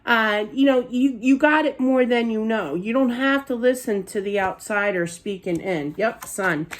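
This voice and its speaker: A woman with a Philadelphia accent giving a spiritual card reading in a rambling, reassuring way, often checking in with "okay?" and "you know.". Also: mid-range voice. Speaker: psychic card reader.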